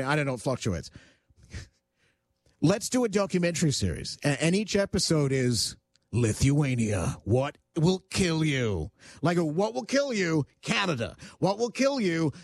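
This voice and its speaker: A man's voice: a little high, no room sound. An Australian man in his forties hosting a casual radio chat, rambling and joking with lots of "uh" fillers. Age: 40s. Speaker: radio host.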